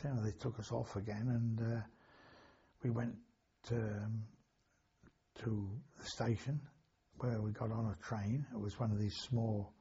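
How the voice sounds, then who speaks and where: A man's voice: medium pitch, mellow, slightly rough, lo-fi sound. An older man, recalling wartime memories in a rambling, anecdotal way with chuckles and self-corrections. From England. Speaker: interviewee, war veteran. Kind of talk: oral history recollection.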